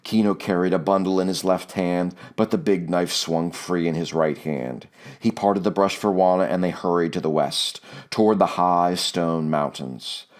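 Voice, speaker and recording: A man reading a novel aloud as an audiobook narrator, measured and steady. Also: sits low.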